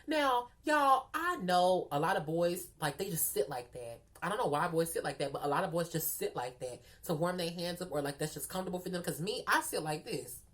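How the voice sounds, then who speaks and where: Sassy animated woman telling a story. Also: on the low side, brisk, hardly any pauses. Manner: sassy, animated, talks to viewers as girl and y'all. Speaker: storytime vlogger. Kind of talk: casual storytelling to the camera.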